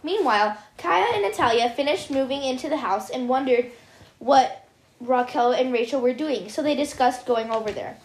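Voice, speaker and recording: A woman's voice: high-pitched, normal speed, reverberant. A young female reader reading a homemade story aloud, stumbling and restarting as she voices the characters.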